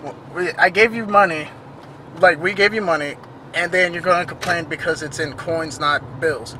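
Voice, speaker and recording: A man vlogger casually telling a story, animated and acting out the dialogue he quotes. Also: on the high side, normal speed, noisy background.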